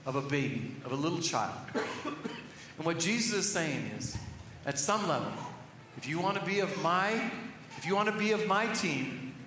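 A middle-aged man, a pastor preaching a sermon in a church, telling earnest stories and dropping to hushed tones for emphasis. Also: fairly high pitch, slight background noise. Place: church sanctuary. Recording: echoey hall reverb with faint ambience.

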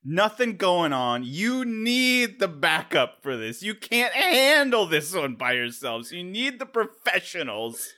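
A man's voice: high voice, sing-song, slow pace, hardly any pauses, sharp tone. A man co-hosting a podcast, chatting casually and making emphatic points. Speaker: podcast co-host. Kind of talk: casual chat.

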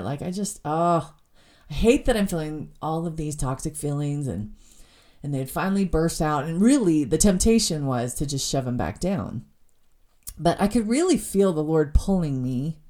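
A woman's voice: low-pitched, mellow. A woman hosting a faith podcast, speaking in an earnest, confiding way and laughing at herself now and then. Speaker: podcast host. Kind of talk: reflective faith podcast monologue.

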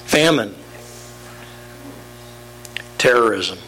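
A man's voice: medium pitch, expressive, extremely slow, pushed and bright, a little hiss or hum, rough recording. A man, a pastor, preaching a sermon with emphatic rhetorical questions.

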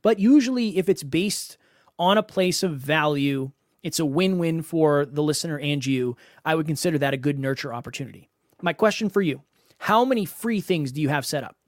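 A man's voice: fairly high pitch, expressive, moderate pace, dry recording, clean studio sound. A man hosting a solo podcast as a coach, talking emphatically and often repeating words for stress.

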